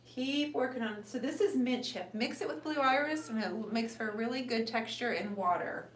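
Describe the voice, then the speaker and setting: Woman host, middle-aged, upbeat encouraging chat to viewers, a bit high, roomy echo. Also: normal speed. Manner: warm, encouraging, calls viewers sister and honey. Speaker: painting show host. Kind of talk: live painting stream chat. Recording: echoey room with faint noise.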